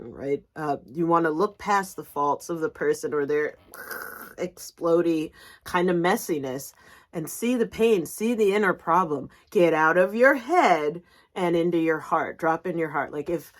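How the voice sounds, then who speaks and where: A middle-aged woman giving a spiritual business coaching talk, emphatic and animated, often asking "right?". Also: lowish voice. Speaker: executive coach and reiki teacher.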